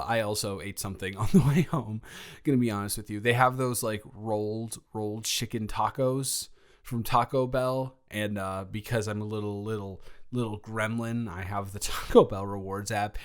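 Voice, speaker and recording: A young man improvising an audio role-play, talking in a flustered, rambling way with many stammering restarts. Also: fairly low pitch.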